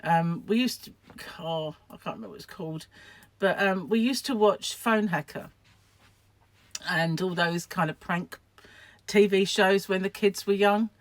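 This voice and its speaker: A chatty older woman from England rambles through her day in a casual vlog. She talks in a loose, self-deprecating way, with frequent laughs, in a middle-pitched voice. The sound is close and dry. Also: unhurried, no room sound. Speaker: vlogger, craft shop owner. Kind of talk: casual chat to camera.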